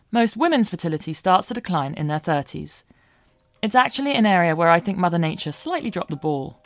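Woman, 30s, podcast host, dry self-mocking, low-ish voice, soft music behind. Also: no room sound. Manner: candid, self-mocking and wry. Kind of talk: personal podcast narration.

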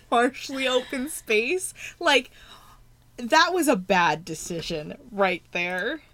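A woman co-hosting a podcast in casual chat, sarcastic and animated, often laughing as she recaps a show. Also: on the high side, extremely slow, pauses often, no room sound. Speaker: podcast co-host.

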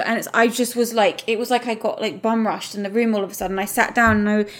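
A woman's voice: fairly high pitch, little pitch movement, fast, few pauses. A woman guest in a casual chat, talking earnestly and with emotion.

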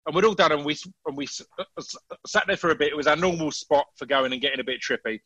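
Guy rambling through a story, restarts a lot, bright tone, dead dry room. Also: a little high, fast, no echo, highs cut off. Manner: animated storytelling with frequent restarts. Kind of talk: casual chat.

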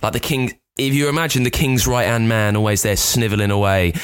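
A man co-hosting a podcast, telling stories in a casual chat with an animated, jumpy delivery. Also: on the low side, fairly quick, smooth. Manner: animated, jumpy storytelling with lively swings. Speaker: podcast co-host.

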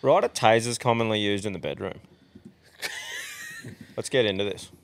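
A man's voice: medium pitch, huge pitch swings, unhurried, slight background noise. A man with an Australian accent hosting a podcast, joking crudely with his co-hosts. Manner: joking, crude, laughs often. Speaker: podcast host. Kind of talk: casual banter.

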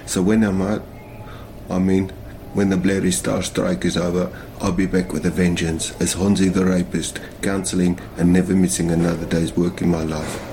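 A man's voice: low-pitched, level tone, moderate pace, a little hiss or hum. A man doing a whispering South African jailbird. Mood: hushed sheepish. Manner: hushed, half-whispered, rambling excuses. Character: jailed South African man phoning in, cheeky.

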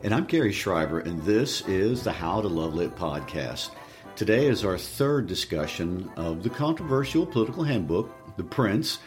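A man's voice: deep voice, big pitch swings, normal speed, soft background music. A man co-hosting a book podcast, speaking thoughtfully with frequent hesitations as he recaps and weighs ideas. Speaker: podcast co-host. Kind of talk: conversational literary discussion.

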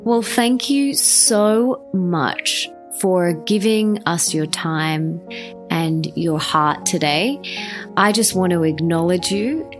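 A woman's voice: on the low side, slow, soft background music. Gushing woman host. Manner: enthusiastic, gushing with gratitude. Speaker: podcast host. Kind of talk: casual interview chat.

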